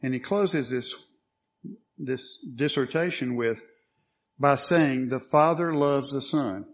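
A man's voice: medium pitch, slow pace, highs cut off. A man preaching a sermon, asking questions and answering them, with emphatic statements.

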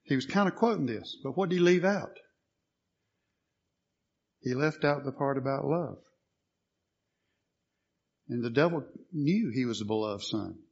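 A man's voice: medium pitch, animated, unhurried, vocal fry, long pauses, slightly rough, dull audio. A man preaching a sermon, asking questions and answering them, with emphatic statements.

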